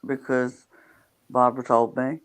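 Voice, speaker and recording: A man's voice: mid-range voice, level tone, moderate pace, a loud crowd. An English man with a Warwickshire accent joins a casual livestream chat. He teases the others dryly. His voice sits in an ordinary middle range. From England.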